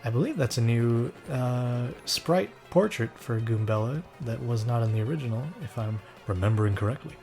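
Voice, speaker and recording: A man's voice: mid-range voice, animated, moderate pace, hardly any pauses, darkish tone, faint music behind. A man hosting a let's play, making dry, wry asides while he plays. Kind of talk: gameplay commentary.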